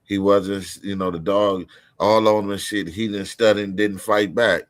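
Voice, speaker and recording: A man's voice: fairly low pitch, fairly even intonation, normal speed, no echo. A man telling a long, rambling story as a podcast guest, swearing freely and restarting his sentences.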